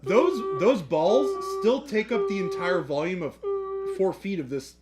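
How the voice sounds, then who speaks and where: A co-host in a casual livestream chat, laughing often. The voice moves widely in pitch and stays animated. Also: a little slow, loud music behind the voice.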